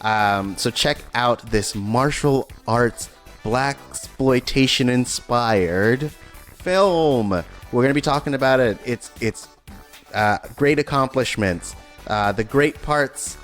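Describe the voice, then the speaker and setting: A man's voice: mid-range voice, slow pace, fairly bright tone, faint music behind. A man co-hosting a podcast, upbeat and chatty, signing off the show. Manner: upbeat, chatty, laughs easily. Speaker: podcast co-host. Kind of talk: casual chat.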